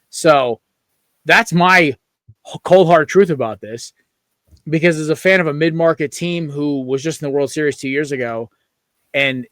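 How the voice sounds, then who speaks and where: Young male co-host, heated opinionated rants, slightly high voice, dry close sound. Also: a bit bright, dry recording. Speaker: podcast co-host. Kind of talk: casual sports podcast chat.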